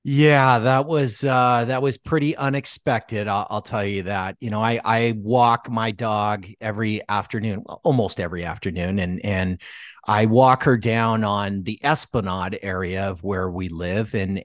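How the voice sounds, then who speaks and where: A male author guest telling a story in casual conversation, halting with many restarts and acting out the dialogue. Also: fairly low pitch, dry recording, clean studio sound. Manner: animated storyteller who acts out quoted dialogue.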